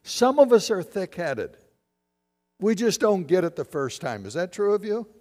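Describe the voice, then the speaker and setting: A man's voice: sits high, very animated, moderate pace, a little mellow. A man preaching a sermon as a pastor, putting questions to the congregation and answering them. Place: church sanctuary. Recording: long hall reverb.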